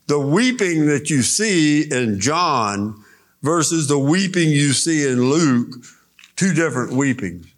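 A man preaching a sermon, explaining scripture slowly and deliberately and reading verses aloud. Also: fairly high pitch.

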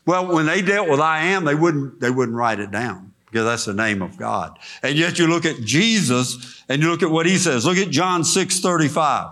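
A man's voice: fairly high pitch, expressive, normal speed, fairly bright tone. A middle-aged man preaching a sermon in an auditorium, folksy and conversational, telling personal stories. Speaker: preacher and director of chaplaincy.

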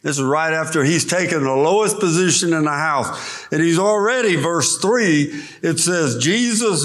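A man preaching a sermon, teaching verse by verse through a Bible passage and explaining the original words. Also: fairly high pitch.

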